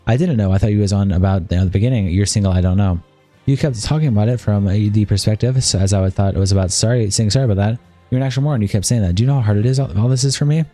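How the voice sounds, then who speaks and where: A man streaming live, reading a long chat argument aloud in a rapid, flat read-through. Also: on the low side, faint music behind.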